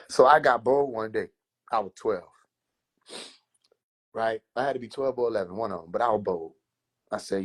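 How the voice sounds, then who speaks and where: A man's voice: lowish voice, normal speed, long pauses, breathy edge. Laughing man telling profane childhood stories. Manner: animated, profane, laughs between lines. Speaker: comedian livestreamer. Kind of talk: casual comedic storytelling. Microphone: phone.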